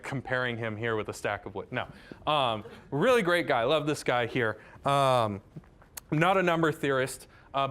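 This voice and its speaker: A man's voice: mid-range voice, a bit bright. A man giving a casual math lecture. He chats, drifts into tangents and keeps checking in with "right?".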